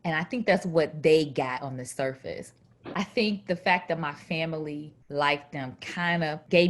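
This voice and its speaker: A woman from Chicago, a guest telling a personal story in a lively way and acting out other people's voices. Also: sits low, unhurried. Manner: animated, acts out voices of others.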